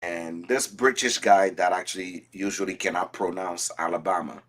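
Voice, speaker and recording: A man chatting casually as a contestant on a whiskey show, animated and telling personal stories with frequent restarts. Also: sits low, moderate pace. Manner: animated, storytelling with repeated restarts. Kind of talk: casual chat.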